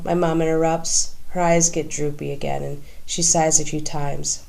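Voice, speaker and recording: A woman narrating a first-person audiobook in an even storytelling manner. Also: low voice, normal speed, gravelly, few pauses, rough recording.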